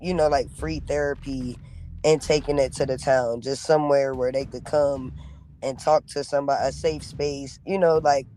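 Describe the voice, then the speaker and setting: A man's voice: mid-range voice, steady tone, normal speed, dark tone, a little hiss or hum, rough recording. A man in his thirties hosting a casual podcast, telling stories with lots of slang and fillers. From Rochester, New York. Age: 30s. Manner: storytelling, slangy, many fillers. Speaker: podcast host.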